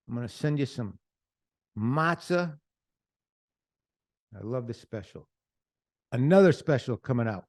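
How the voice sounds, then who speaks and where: A male podcast host talking up new comedy specials with real enthusiasm. His voice sits in a middle pitch. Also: animated, measured pace, pauses often, a little mellow. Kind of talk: podcast promo segment.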